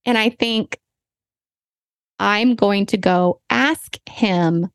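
A woman hosting a podcast, telling a personal story in a candid, animated, self-deprecating way. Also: medium pitch, very slow, smooth, dry recording. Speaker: podcast host.

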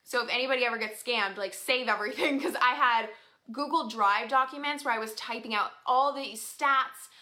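Young woman, bright, sharp tone, higher-pitched, chatty storyteller with lots of fillers and laughs. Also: normal speed. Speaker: vlogger. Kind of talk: casual storytelling to viewers.

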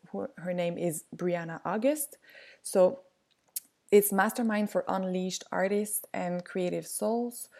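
A woman's voice: lowish voice, warm tone. A woman from Quebec with a French Canadian accent, a native French speaker, talking in an enthusiastic, chatty way with many fillers on a podcast. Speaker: podcast host and guest. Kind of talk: casual podcast chat.

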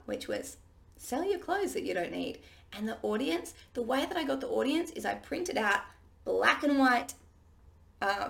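A woman business coach with a husky morning voice, talking to listeners in a chatty, encouraging way. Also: a little high, fairly bright tone. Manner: chatty and encouraging, with frequent restarts. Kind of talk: casual solo podcast talk.

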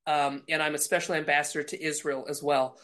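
A woman telling a lively faith testimony, laughing and acting out the voices in her story. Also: low-pitched, brisk. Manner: animated, laughing, acts out dialogue. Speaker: guest speaker. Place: lounge at home.

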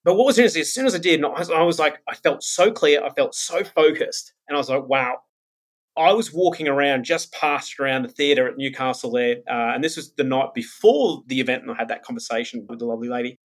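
A man hosting a spiritual podcast, telling stories in a chatty, animated monologue. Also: medium pitch, fast talker, few pauses. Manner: chatty storyteller, animated retellings. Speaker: podcast host and medium.

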